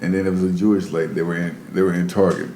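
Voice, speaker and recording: A man's voice: deep voice, little pitch movement, very fast, dark tone, reverberant, slight background noise. A man telling a story in a casual podcast chat, loose and rambling, checking in with "right?".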